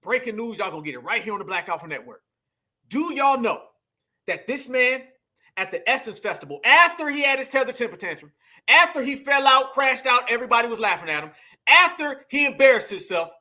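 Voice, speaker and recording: A man hosting a livestream, delivering animated, profane ranting commentary straight to his audience. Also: very high voice. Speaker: livestream host.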